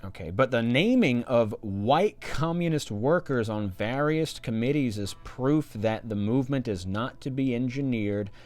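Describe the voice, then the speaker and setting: A man's voice: mid-range voice, animated, measured pace, hardly any pauses, darkish tone, soft background music. A man reading an old newspaper aloud and stopping for rambling, sarcastic asides. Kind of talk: reading with commentary.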